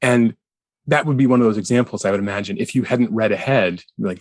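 Co-host, man, deep husky voice, hesitant and repetitive. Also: expressive, no room sound. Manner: halting, repeats words. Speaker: podcast co-host. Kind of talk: casual podcast chat.

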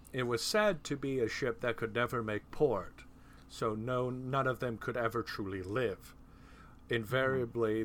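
Male host for a casual movie podcast; talks in an animated, chatty way and laughs easily. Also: mid-range voice, a little hiss or hum. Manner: animated, laughing, profane asides. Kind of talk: casual film discussion.

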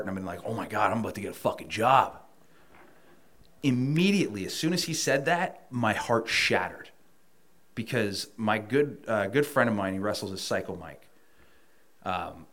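A man guest telling a story in casual chat, animated and profane, and he gets heated. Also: lowish voice. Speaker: podcast guest, wrestler.

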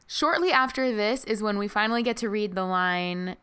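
A woman's voice: medium pitch, moderate pace, hardly any pauses, bright, forceful tone, clear, resonant tone. A young woman chatting casually about a book, wondering aloud and laughing along with friends. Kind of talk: casual book-club chat.

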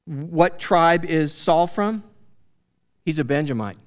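Animated man teaching from the Bible. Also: fairly high pitch, slow. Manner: conversational, animated, asks the listeners questions.

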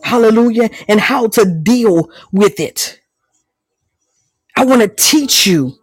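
A woman's voice: a little high, expressive, a little slow, slightly rough, no echo, low-quality recording. Woman preacher, fervent and folksy, praise-filled sermon, faint music under. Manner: repeats exclamations of praise between phrases; laughs often while preaching.

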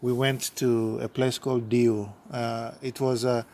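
A man's voice: medium pitch, level tone, measured pace, a little mellow. A man from Uganda, a pastor giving his personal testimony in an interview, speaking earnestly and often repeating or restarting his words.

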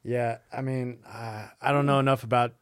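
A man's voice: mid-range voice, fairly even intonation, moderate pace, a crowd in the background. A man in a casual podcast chat, hesitant and laughing along with the others. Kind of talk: casual banter.

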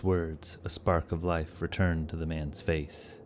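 A man giving steady, scripted narration of a fantasy adventure story. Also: a bass voice, unhurried, a little hiss or hum.

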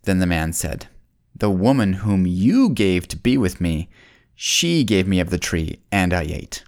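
A man narrating a Bible story for children, folksy and speaking straight to the kids, slowing down and dropping his voice on solemn points. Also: very animated. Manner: slows down and drops low on solemn points.

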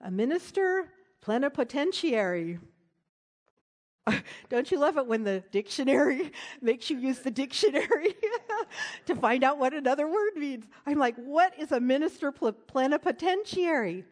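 A middle-aged woman preaching, telling a personal story in an earnest way that drops to a soft hush at tender moments. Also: high voice, animated, a little slow. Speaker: speaker at a church service. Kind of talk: storytelling sermon.

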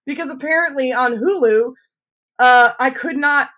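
Loud, excitable podcast co-host woman. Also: moderate pace. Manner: loud, excitable storyteller with big swings in pitch, swears freely. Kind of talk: casual podcast chat.

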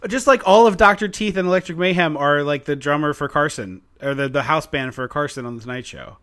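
A man co-hosting a podcast in casual chat, chatty and quick to laugh as he retells things. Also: on the high side, fairly bright tone, clean tone. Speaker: podcast co-host.

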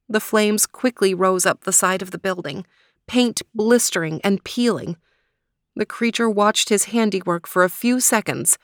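A woman narrating a children's mystery story in a steady storytelling manner. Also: fairly low pitch, no echo, studio quality.

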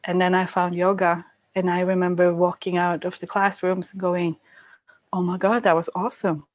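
A woman with a Norwegian accent, speaking in a fairly low voice. She answers interview questions hesitantly, with plenty of ums and uhs, and the recording is dry and close. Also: little pitch movement, moderate pace, dry recording. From Norway. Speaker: yoga teacher. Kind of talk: casual interview.

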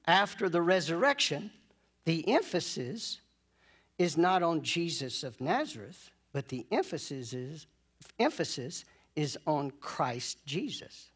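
A man preaching a sermon, leading call-and-response and drawing out key phrases slowly. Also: fairly high pitch, fairly bright tone, breathy edge. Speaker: pastor.

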